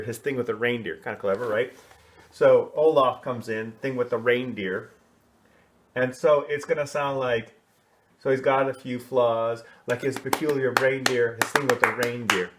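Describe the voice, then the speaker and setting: A man teaching a children's choir, explaining solos in a relaxed, chatty way and singing short snippets to show how they go. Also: medium pitch. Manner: casual, explanatory, sings short snatches to demonstrate. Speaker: music teacher. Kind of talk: coaching a kids' choir on song solos.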